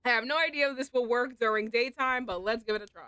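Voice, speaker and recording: A composed spirit expert, read by a woman in close to her own voice speaks in a measured, formal way. The delivery is calm and plain, as in a visual novel read aloud. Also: fairly high pitch, clean tone, no room sound, poor audio.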